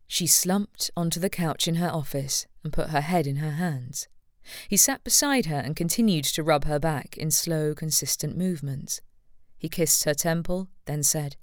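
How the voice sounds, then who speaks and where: A woman narrating a romance audiobook in a calm, even storytelling manner. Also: low voice, normal speed, no room sound, studio quality. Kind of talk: scripted narration.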